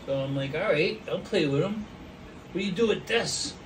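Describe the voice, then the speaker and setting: A man's voice: a little high, moderate pace, far from the mic, slight background noise, poor audio. A man hosting a casual painting vlog, rambling goofily and talking straight to his viewers. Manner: goofy, rambling, talks to viewers. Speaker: host painting pots. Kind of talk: casual chat while painting. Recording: voice from away from the mic.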